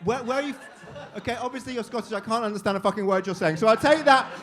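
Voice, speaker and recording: A man hosting a live comedy show, teasing the audience with crude, quick-witted crowd work. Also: high voice, a bit bright. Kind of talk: crowd-work stand-up banter.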